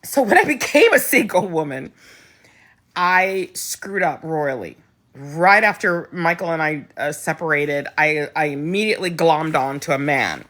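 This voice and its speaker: Woman, middle-aged, low pitch, frank, swears, restarts often, live chat host. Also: expressive, measured pace, a bit bright. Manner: candid, blunt, swears, many restarts.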